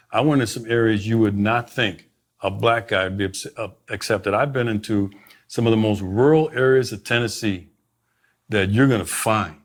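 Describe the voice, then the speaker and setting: A middle-aged man, a sheriff, telling stories in an emphatic way during a conversation, with many restarts. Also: fairly low pitch. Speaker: sheriff, guest. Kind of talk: storytelling in a conversation.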